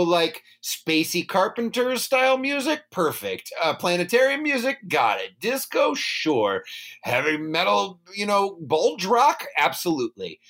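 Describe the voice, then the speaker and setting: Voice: mid-range voice, fairly bright tone. A podcast co-host recapping a film in casual, jokey chat, often slipping into mock voices.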